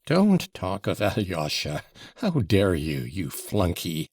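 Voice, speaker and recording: A man's voice: sits low, huge pitch swings, slow pace, darkish tone, husky, no echo, studio quality, pitched below the performer's own voice, exaggerated voice. A man voicing a tormented young man in an audiobook, who speaks with bitter, clipped scorn. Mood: scornful. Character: tormented, contemptuous young man arguing with his hallucination. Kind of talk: audiobook character reading.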